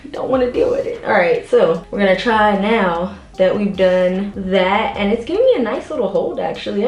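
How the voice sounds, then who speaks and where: A woman's voice: mid-range voice, darkish tone. A young woman chatting casually to her viewers while doing her hair, a little out of breath, with laughing asides. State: a bit out of breath from styling. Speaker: beauty vlogger. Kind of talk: casual hair vlog talking to camera. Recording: roomy echo.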